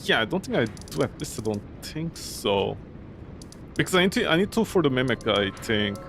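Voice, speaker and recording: A man's voice: mid-range voice, sing-song, moderate pace, vocal fry, background noise. A young man streaming a video game, chatting casually and rambling through silly jokes and tangents. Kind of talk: casual gameplay commentary. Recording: loud game sound behind.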